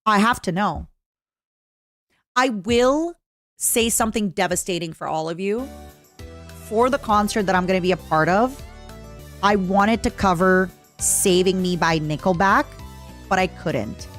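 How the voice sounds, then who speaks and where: A young woman with a Canadian accent chatting casually with her stream viewers, jokey and full of quick asides. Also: medium pitch, soft background music. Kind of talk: casual livestream chat.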